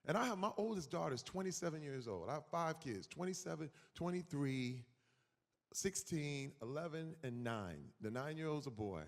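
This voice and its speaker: Man in his forties, conference guest; raised pitch, gravelly edge, lively storyteller, hall echo. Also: normal speed. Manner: animated, acts out quoted voices, emphatic. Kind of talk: on-stage conversation. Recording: reverberant hall.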